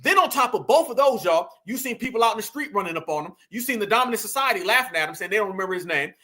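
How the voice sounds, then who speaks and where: A man with a very high, bright voice delivers animated commentary. He is emphatic and preachy, hammering each point home with repetition and rising to near-shouts. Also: racing. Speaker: commentary channel host.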